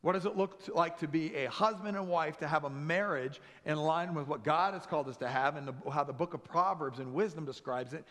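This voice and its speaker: High-voiced pastor in a reverberant church. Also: male voice, fairly quick, few pauses, fairly bright tone. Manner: humorous storytelling, acts out dialogue. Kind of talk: sermon. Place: church sanctuary. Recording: long church hall reverb.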